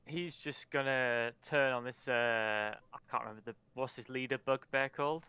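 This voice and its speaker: A man's voice: medium pitch, steady tone, moderate pace, bright, forceful tone, clear, resonant tone, dry recording. A man playing a tabletop game, chatty and hesitant as he describes his character's moves. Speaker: player. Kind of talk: casual tabletop play.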